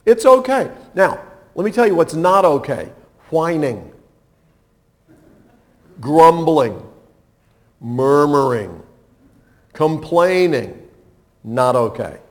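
A man delivering a sermon at an unhurried pace. He talks to the congregation conversationally, asking them questions. His delivery swings between soft, low passages and loud, emphatic peaks. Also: big pitch swings. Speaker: pastor.

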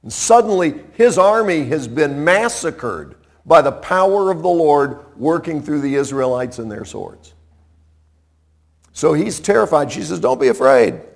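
Male preacher, storytelling sermon, lively and unhurried, slightly higher voice. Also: vocal fry. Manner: animated, conversational, dramatic shifts in loudness.

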